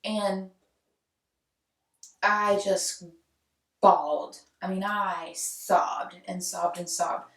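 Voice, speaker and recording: A woman's voice: medium pitch, fairly even intonation, very slow, pauses often, a bit bright, distant mic. A young woman, telling her own story in a candid, conversational way. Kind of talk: personal storytelling. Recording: roomy echo, voice set back from mic.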